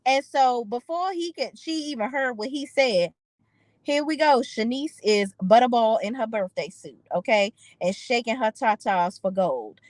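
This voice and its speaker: A woman's voice: on the high side, lively intonation, unhurried, no room sound, poor audio. A woman giving an opinionated, sassy recap of a reality TV episode, slipping into voices for the people she quotes. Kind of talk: casual recap commentary.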